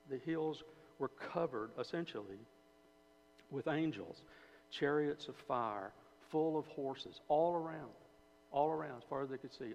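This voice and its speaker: A preacher or Bible teacher with a medium-pitched, creaky, slightly mellow voice gives a conversational sermon, asking his listeners questions and often repeating and restarting phrases. The hall recording is dull with a faint hum.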